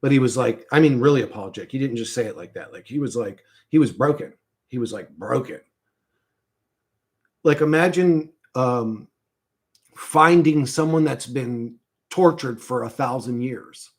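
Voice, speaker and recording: A man telling a strange vision in a rambling casual monologue, halting, swearing often and losing his thread. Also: mid-range voice. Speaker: streamer recounting a vision.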